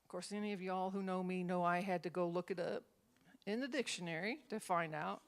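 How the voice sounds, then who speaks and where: A woman's voice: lowish voice, brisk. A middle-aged woman minister leading a Bible study, telling stories and acting out the voices in them. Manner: animated storyteller, acts out quotes.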